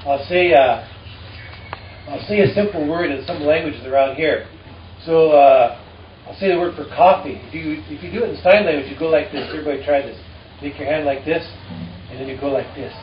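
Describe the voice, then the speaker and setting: A man's voice: a little high, fairly quick. Man, casual audience talk, lots of fillers, dry humor, dull lo-fi sound, faint background hum. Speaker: musician and storyteller addressing an audience. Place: live performance before an audience. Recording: distant, roomy and dull with faint ambience.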